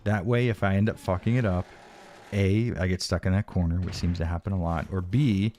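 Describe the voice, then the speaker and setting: A man's voice: deep voice, fairly even intonation, fairly quick, warm tone, faint music behind. A man streaming a video game in casual live commentary, frustrated and swearing constantly, sometimes dropping to a whisper. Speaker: livestreamer playing a video game.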